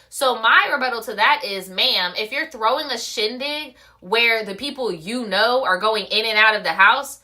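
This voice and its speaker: A woman's voice: fairly high pitch, moderate pace, few pauses, bright, forceful tone, poor audio. A young woman ranting on a livestream, telling a story in blunt, profane words and acting out the quotes. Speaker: vlogger. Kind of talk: casual livestream rant.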